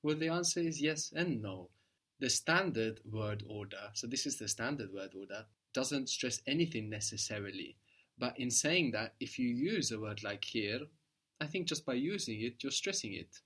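A man's voice: medium pitch, animated, moderate pace, fairly bright tone. A man teaching a language lesson, patiently prompting a learner and giving short praise.

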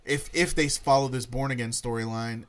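A man of middle pitch chatting casually on a podcast. He often stalls and repeats words before finishing a thought. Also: fairly even intonation. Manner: halting, repeats words while thinking. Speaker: podcast co-host. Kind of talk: casual chat.

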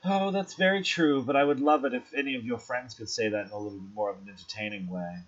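A man's voice: medium pitch, fast talker, muffled recording, natural voice. A man putting on a coy, flirtatious woman dealer.

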